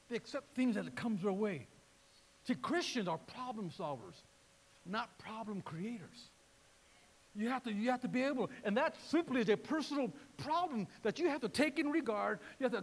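A man preaching a sermon in a lively way, repeating words and acting out voices. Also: sits high, husky, big-room sound. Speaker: pastor.

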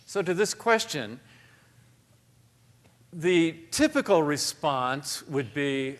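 A man talks onstage as a guest author, his voice ringing out with a long echo through a large hall. His pace is steady, and his delivery is reflective and self-deprecating. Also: a little high, measured pace. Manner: thoughtful, self-deprecating, reads passages aloud. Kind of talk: live onstage conversation.

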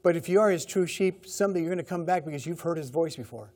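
A man's voice: a little high, quick pace, a little mellow. Man preaching in a conversational way. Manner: conversational preaching with repeated phrases. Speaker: pastor. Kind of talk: sermon.

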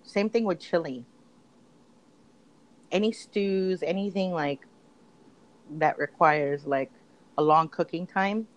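A woman's voice: on the low side, takes it slowly, long pauses, muffled recording. A woman co-hosting a podcast, talking in a chatty, casual way with lots of fillers and restarts. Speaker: podcast co-host. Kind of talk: casual chat.

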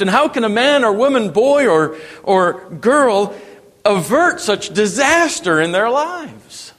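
A man preaching a sermon, dropping to a hush and then rising to emphatic, raised passages. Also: sits high. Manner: wide swings from hushed to emphatic preaching. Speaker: pastor. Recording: long reverb in a hall.

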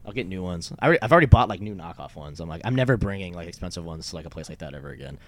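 A man's voice: low voice, sing-song, racing, fairly bright tone. A young man casually telling a story, rambling with lots of fillers and swearing. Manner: rambling, many fillers and profanity. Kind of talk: casual chat.

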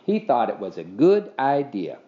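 A man voicing a brisk, soothing mother, in a dull lo-fi recording. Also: medium pitch, huge pitch swings, dark tone.

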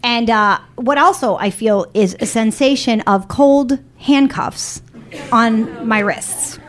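Animated, blunt woman telling a comedic story. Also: fairly high pitch, takes it slowly. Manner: animated, blunt, profane, self-mocking.

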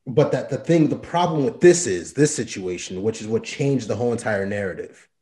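A man's voice: mid-range voice, animated, brisk, warm tone, echoey room. A young man telling his own story in casual, slangy talk, often acting out what others said.

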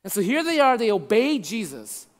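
A man preaching a sermon to a congregation, conversational and checking in with his listeners, dropping to a hush for emphasis. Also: high-pitched, very animated, moderate pace. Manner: shifts from loud to hushed for emphasis. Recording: long hall reverb.

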